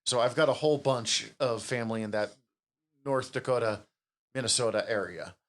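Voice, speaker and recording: A young man co-hosts a relaxed podcast chat, telling stories with lively energy and quick laughs. His voice sits at a middle pitch, and he drops casual swearing into the banter. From Upper Midwest. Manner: animated storyteller, quick laughs, swears freely. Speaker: podcast co-host.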